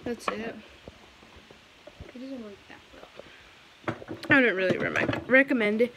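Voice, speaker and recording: A woman's voice: on the high side, measured pace. A young woman in her teens chatting casually in a vlog at home, rambling with many fillers and restarts. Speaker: vlogger. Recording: noisy home recording.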